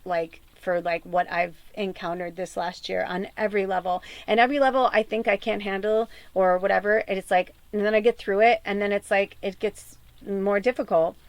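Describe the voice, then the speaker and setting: A woman's voice: mid-range voice, fairly even intonation, moderate pace, hardly any pauses, dry recording. A woman podcast host and medium venting in a raw, tearful personal monologue, swearing often.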